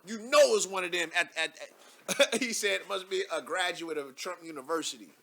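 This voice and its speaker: Young guy ranting on a live show, high bright voice, loud and mocking, keeps laughing. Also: a little fast, gravelly. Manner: loud, mocking, laughs often, repeats himself. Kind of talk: animated commentary reading posts aloud.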